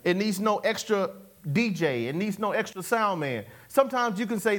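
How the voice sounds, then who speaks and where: A man's voice: high voice, animated, normal speed, a bit bright. A male preacher giving a sermon, leading call-and-response with the congregation and repeating catchphrases as he exhorts them. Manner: exhorting, repeats catchphrases, chuckles between points.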